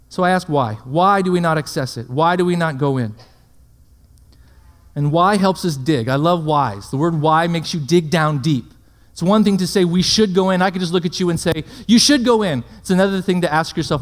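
High-voiced preacher in an echoing hall. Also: male voice. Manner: rhetorical questions, checks in with listeners. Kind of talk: sermon. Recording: long hall reverb.

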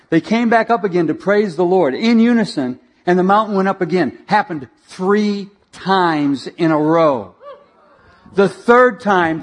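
A male preacher tells a story in a sermon, building drama as he goes. His voice sits slightly high, and he calls out for slides along the way. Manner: animated, dramatic storyteller who directs slides.

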